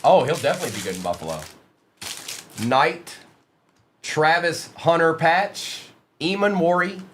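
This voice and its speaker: A man's voice: on the high side, expressive, a little slow, a bit bright, a little hiss or hum. A man hosting a live sports card break, reading out player names from the pulls and chatting casually with viewers in the stream chat.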